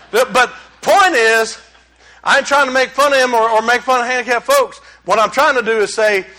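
Brief: man, middle-aged pastor, lively humorous sermon delivery, high bright voice. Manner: animated, conversational preaching with humor. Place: church sanctuary.

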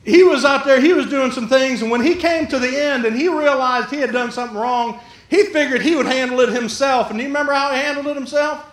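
A man preaching a sermon, his voice pitched very high for a man. He talks lively and jokey, slipping into the voices of the people in his story. The sound rings in a roomy church hall. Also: fast talker. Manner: lively, jokey, acts out the quotes. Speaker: pastor.

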